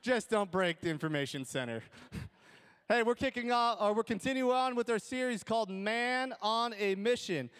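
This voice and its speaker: A man's voice: sits high, normal speed, clear, resonant tone. A young man preaching a sermon, telling a funny story with jokes and laughs before reading Scripture, with an Upper Midwest American accent. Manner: animated, joking storyteller who laughs at his own jokes. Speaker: pastor.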